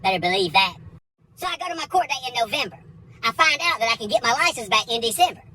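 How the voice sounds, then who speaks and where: A comedian telling a crude, animated story and acting out the other people in it. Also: female voice, sits high, fast talker, slight background noise, low-quality recording.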